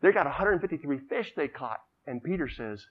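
A man's voice: fairly high pitch, animated, a little fast. A man preaching a sermon, telling stories and asking his congregation for responses. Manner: storytelling, asks the congregation for responses. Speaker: pastor. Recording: dull lo-fi recording.

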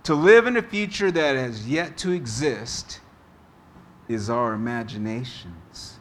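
A man preaching a sermon as pastor, slow and deliberate, telling a story to make his point. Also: medium pitch, a little hiss or hum.

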